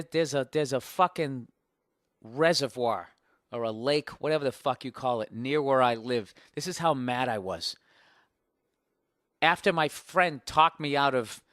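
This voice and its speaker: A man's voice: on the high side, dry recording, clean studio sound. A man in his forties telling a comic story on his podcast, cursing freely and acting out both sides of an argument. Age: 40s. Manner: profane, animated rant with acted-out quotes. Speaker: podcast host. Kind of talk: casual comedic storytelling.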